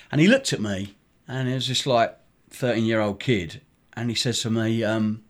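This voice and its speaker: A man's voice: medium pitch, normal speed. Man telling a story, full of ums. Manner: rambling with many fillers and restarts. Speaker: charity director, interview guest. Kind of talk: conversational storytelling.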